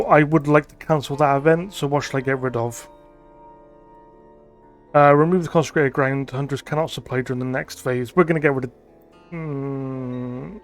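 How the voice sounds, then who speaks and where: A man giving thinking-aloud commentary as he plays a digital board game, reading card text aloud and musing with frequent ums. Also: mid-range voice.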